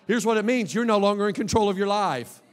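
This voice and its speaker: Brief: high-pitched male pastor, emphatic sermon delivery, long church-hall reverb. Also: fast. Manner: emphatic, swings between soft asides and loud exhortation. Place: church sanctuary.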